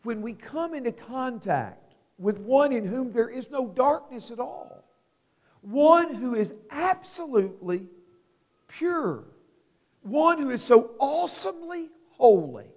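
A man preaching a sermon, slow and emphatic with dramatic pauses. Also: very high-pitched, big pitch swings, darkish tone. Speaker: pastor. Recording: long hall reverb.

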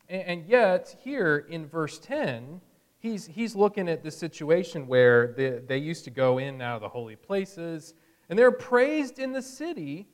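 Male preacher, chatty teaching style, slightly raised pitch, echoing hall sound. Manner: conversational, chuckling, acting out quotes. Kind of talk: Bible teaching sermon.

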